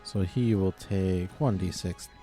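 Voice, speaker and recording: A man's voice: low-pitched, slow, warm tone, faint music behind. A man playing a tabletop game, methodically working through spell rules. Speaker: player.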